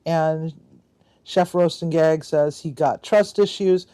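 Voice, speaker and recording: Woman host, low and unhurried, reads players' answers aloud with chatty asides. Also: steady tone, dark tone, smooth. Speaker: livestream host. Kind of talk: casual livestream, reading out game answers.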